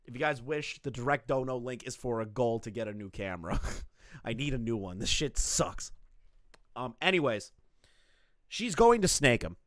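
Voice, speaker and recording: A man's voice: big pitch swings, moderate pace, a bit bright, no echo, clean studio sound. Profane, exasperated man ranting on stream. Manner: exasperated, profane and sarcastic, with jumps in pitch. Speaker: drama commentary streamer. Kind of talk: ranting commentary on a live stream. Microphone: streaming setup with a camera.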